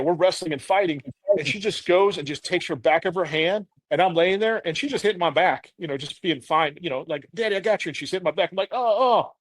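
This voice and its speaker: A man's voice: a little high, dry recording. Earnest man telling his story, dry sound. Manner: earnest, rambling, many fillers like "you know". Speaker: podcast guest. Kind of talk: candid personal storytelling.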